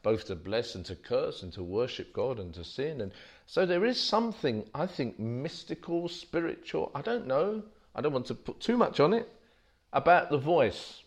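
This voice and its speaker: Chuckling preacher telling stories. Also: male voice, mid-range voice, big pitch swings, normal speed. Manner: self-deprecating, anecdotal, with frequent restarts and chuckles. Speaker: street preacher giving a talk. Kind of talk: informal teaching talk. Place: meeting room with a small audience.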